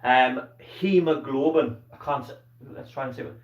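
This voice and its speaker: A man's voice: medium pitch, quick pace, lo-fi sound. Encouraging male teacher, distant roomy sound. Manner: encouraging, asks questions and praises pupils by name. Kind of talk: live online science lesson.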